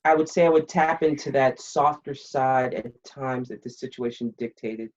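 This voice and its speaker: Her voice is very deep and moves at a moderate pace. In a casual podcast interview, this fiftysomething former military pilot speaks candidly and bluntly, bringing the story to life by quoting dialogue. Sound quality is slightly dull and muffled.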